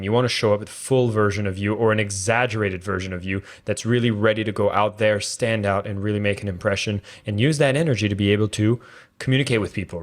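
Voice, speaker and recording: A man with a fairly low voice hosting an interview podcast. He sums up his guest's points in a measured, enthusiastic way. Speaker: podcast host.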